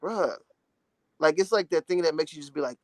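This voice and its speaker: A man's voice: a little high, steady tone, quick pace, dry recording. A man in his twenties from Dallas, a gospel artist talking in a casual interview, earnest and emotional with lots of "you know"s. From Dallas, Texas. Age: 20s.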